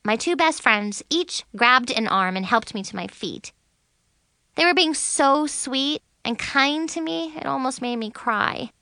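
A woman narrates a first-person story as a teenage girl. Her delivery is animated, with a very lively, wide-ranging pitch. Her voice is bright and crisp, recorded dry and close. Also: unhurried, no room sound. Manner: animated and expressive. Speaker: audiobook narrator.

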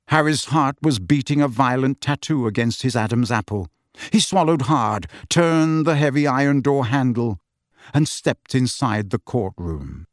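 Here a man reads a fantasy novel as an audiobook narrator, telling the scripted story expressively at a measured pace. His voice sits in the middle range, recorded dry with clean studio quality.

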